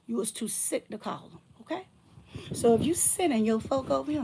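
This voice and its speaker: A woman speaking as a motivational speaker, confronting someone in a heated live-stream address to her viewers. She talks colloquially and repeats herself, swinging between loud outbursts and hushed whispers. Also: a little high, lively intonation, normal speed, breathy edge.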